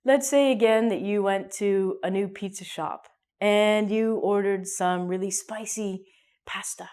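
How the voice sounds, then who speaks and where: A woman's voice: mid-range voice, fairly even intonation, unhurried, smooth. A woman from Canada with a Canadian accent, teaching English in a playful, jokey way and acting out small scenes. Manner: playful, jokey, acts out mini scenes with sudden loud and hushed bits. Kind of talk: casual online English lesson.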